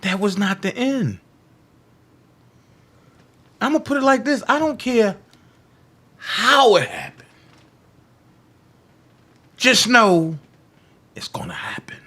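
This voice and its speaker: A man hosting a political livestream gives a heated, defiant monologue taunting his critics, repeating phrases for emphasis and swinging from loud outbursts to hushed asides. His voice is very high and animated, and he takes it slowly, pausing often.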